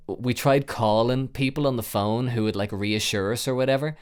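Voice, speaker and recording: A young man in his twenties hosting a podcast, telling a wild personal story casually, rambling with lots of fillers and swearing, getting loud and animated at the tense parts. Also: mid-range voice, normal speed, few pauses, smooth. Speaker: podcast host.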